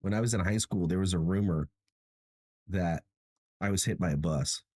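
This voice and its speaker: A man's voice: low-pitched, moderate pace, darkish tone, dry recording, clean studio sound. A tired young man hosting a livestream, chatting casually with viewers in a self-mocking way and laughing often. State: tired and achy. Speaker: livestream host.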